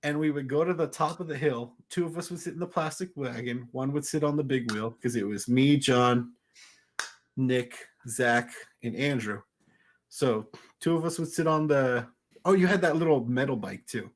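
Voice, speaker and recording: A young man co-hosting a podcast tells a childhood story in casual conversation, laughing often. He has a mid-range voice and speaks at a normal speed.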